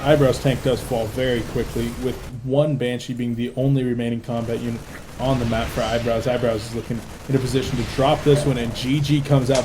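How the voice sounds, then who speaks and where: A tired man casting a video game match live, with rapid play-by-play and excitable bursts. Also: medium pitch, background noise. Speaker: play-by-play esports caster.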